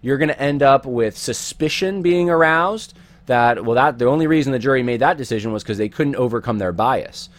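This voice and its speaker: Man, mid pitch, earnest commentator thinking out loud, restarts lines. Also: expressive, a little fast. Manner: earnest, repeats words while thinking. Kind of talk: casual video commentary.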